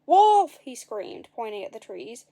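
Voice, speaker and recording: A woman's voice: fairly high pitch, moderate pace, a little mellow. Playful woman reading a story aloud. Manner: playful asides to listeners.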